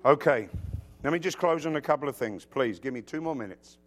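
A man preaching a sermon, emphatic and quoting scripture, who drops to a hush and then rises into loud bursts, with humorous asides. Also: medium pitch, lively intonation, a little fast.

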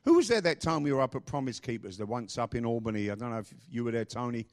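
A man's voice: medium pitch, expressive, fast talker. A male pastor preaching a sermon, emphatic and repeating phrases, with rambling asides.

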